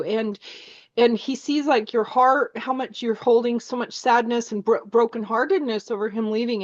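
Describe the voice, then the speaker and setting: Gentle woman medium, lo-fi sound. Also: on the high side, no echo. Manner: gentle, repetitive, hesitant restarts. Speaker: psychic medium. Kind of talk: spiritual reading session. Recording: dull lo-fi sound.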